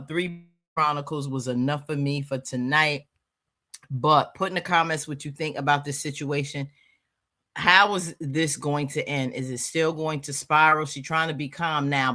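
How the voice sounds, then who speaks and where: A woman's voice: sits low, sharp tone. A woman reacting to a skit, talking back at the screen in a sassy, emphatic way. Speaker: reaction commentator. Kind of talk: commentary on a skit.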